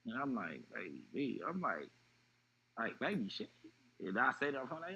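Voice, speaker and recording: A man telling a personal story in an interview, animated and acting out what others said. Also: medium pitch, normal speed, slightly rough, highs cut off. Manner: animated retelling, acting out quoted voices. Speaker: interview guest.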